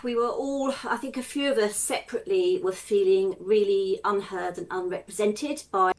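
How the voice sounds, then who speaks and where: A woman with a posh English accent, interviewed as a local resident for a news report. She speaks in an earnest, measured way. Her pitch sits in the middle. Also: fairly even intonation. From England.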